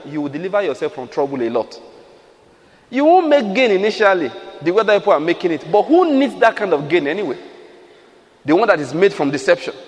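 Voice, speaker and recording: A man's voice: fairly high pitch, big-room sound. A man preaching a sermon, emphatic, asking the listeners rhetorical questions and acting out quotes.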